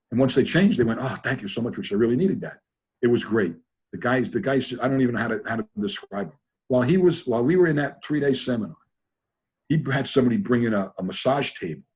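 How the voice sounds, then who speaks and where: Husky older guy, rambling stories, repeats himself a lot, on a video call. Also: mid-range voice, darkish tone. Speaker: guest trainer. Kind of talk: casual storytelling.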